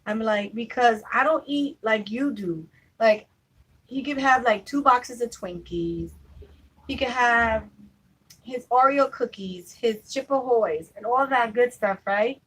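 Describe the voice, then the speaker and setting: A woman vlogger chats to the camera from her home in a fairly high voice. She tells little family stories in a loose, easygoing way, laughing easily as she goes. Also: takes it slowly, a bit bright, breathy edge, rough recording. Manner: chatty, storytelling, laughs easily. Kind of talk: casual chat to camera.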